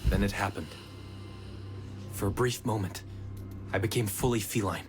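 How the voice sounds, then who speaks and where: An actor voicing a young man reborn as a cat spirit, narrating his thoughts in a low, wondering game voice over music. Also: moderate pace, close to an everyday voice. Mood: reflective. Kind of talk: game character inner narration.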